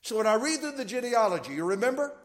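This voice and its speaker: A man's voice: extremely high pitch, sing-song, quick pace. A man teaching a Bible class, explaining step by step, repeating key points and checking that listeners follow. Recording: long reverb of a hall.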